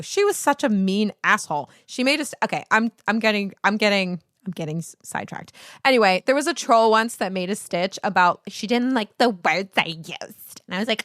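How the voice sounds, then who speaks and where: A woman's voice: mid-range voice, animated, a little fast, a bit bright, no room sound, clean studio sound. A woman in her thirties, a singing teacher, talking casually to camera in a rambling, profane, easily sidetracked way with self-mocking asides. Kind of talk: casual vlog monologue.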